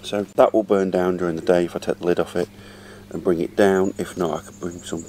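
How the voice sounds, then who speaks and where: A man's voice: low voice, level tone, brisk, a little mellow, slight background noise. A middle-aged man chatting casually to a handheld camera in his back garden, rambling as he does chores. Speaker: vlogger. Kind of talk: casual vlog chat. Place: outdoors in a back garden by a hot tub.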